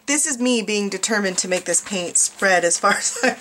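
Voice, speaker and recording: Middle-aged American woman, casual art tutorial host, rambling and self-mocking, mid-pitched. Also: normal speed, a bit bright, slight background noise. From United States. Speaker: art journaling teacher. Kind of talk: casual craft tutorial narration.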